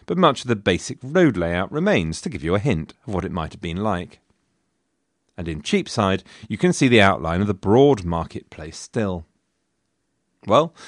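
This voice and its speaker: A man's voice: fairly low pitch, dry recording. A man hosting a history podcast, telling the story in a wry, conversational way with dry asides. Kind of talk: scripted history narration.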